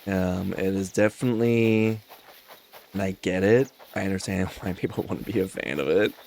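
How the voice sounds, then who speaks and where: A man's voice: sits low, moderate pace, gravelly, a little mellow, slight background noise. A man streamer chatting casually while he plays a game, rambling and easygoing as he thinks aloud. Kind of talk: casual chat while gaming.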